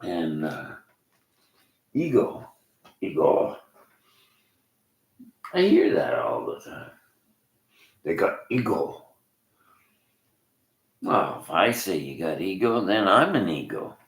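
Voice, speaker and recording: A man's voice: low voice, sing-song, takes it slowly, creaky, pauses often, a bit bright, reverberant. An older Canadian man delivering a blunt, cursing rant, laughing between complaints. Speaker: vlogger. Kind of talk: ranting monologue.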